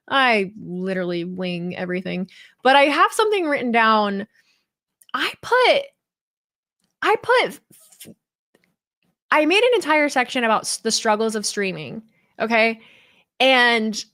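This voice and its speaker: A woman's voice: medium pitch, a bit bright. A woman hosting a live stream, chatting candidly and rambling, swearing freely as she talks. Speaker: host of a wrestling stream. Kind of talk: casual live-stream chat.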